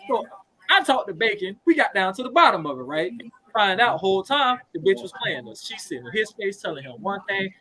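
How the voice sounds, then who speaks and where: A man's voice: sits high, very animated, brisk, pushed and bright, poor audio. A man in his thirties telling a story in casual, profane chat as a podcast co-host. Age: 30s.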